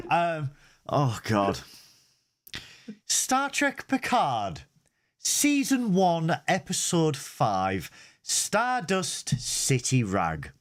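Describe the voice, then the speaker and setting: A man co-hosts a casual review podcast in a theatrical, exasperated way, swearing freely as he goes. His delivery is slow and drawn out. His pitch swings widely and sits a little high for a man. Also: wildly swooping pitch. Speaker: podcast co-host.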